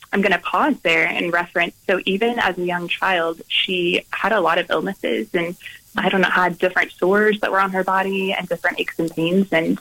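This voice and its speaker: A woman who is a Carmelite nun, telling a story in an interview in a gentle, earnest way with frequent pauses. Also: lowish voice, creaky, poor audio. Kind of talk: reflective storytelling in conversation.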